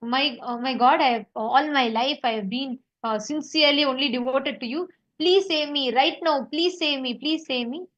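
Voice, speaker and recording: Desperate man on a cliff, pleading and indignant, put on by a woman; high voice, dull sound. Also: normal speed, few pauses. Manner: pleading, then indignant and shouting. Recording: dull muffled recording.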